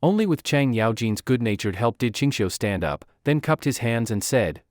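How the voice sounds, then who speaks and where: Expressive male recap narrator. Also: mid-range voice, normal speed, few pauses, dry recording, studio quality.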